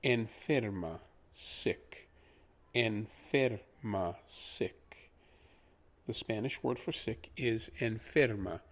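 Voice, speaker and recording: A man teaching pronunciation in a patient lesson, repeating each word slowly for the listener to copy. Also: fairly low pitch. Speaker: language teacher.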